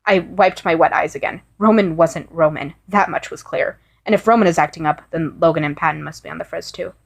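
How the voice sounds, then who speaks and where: Woman with a lowish voice narrating a story. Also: a little fast, vocal fry. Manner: earnest reading with small restarts. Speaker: story reader. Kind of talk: first-person fan fiction narration.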